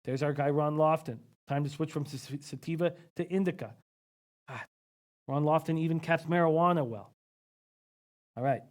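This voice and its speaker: A man's voice: fairly high pitch, normal speed, long pauses. A man hosting a live betting-picks stream, thinking aloud casually and reading out viewer comments with frequent hmms. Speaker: sports betting analyst host.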